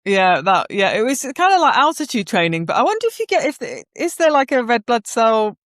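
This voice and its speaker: A woman's voice: a little high, sing-song, brisk, dry recording, clean studio sound. A woman co-hosting a podcast who tells stories in an easygoing, curious way and thinks aloud as she goes. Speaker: podcast co-host. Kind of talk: casual chat.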